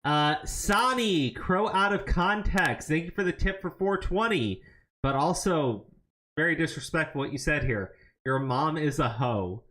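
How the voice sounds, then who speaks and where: A man's voice: on the high side, animated, a little slow, pushed and bright. A man co-hosting a casual livestream, reading tips and an article aloud with angry, profane asides and many stammered restarts. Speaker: podcast co-host.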